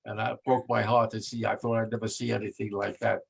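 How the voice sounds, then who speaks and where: A war veteran in his nineties speaks a little fast in a lowish, creaky, slightly rough voice with flat delivery, captured on poor audio. In this conversational interview he rambles, stresses his points, restarts many times, and grows emotional about his subject.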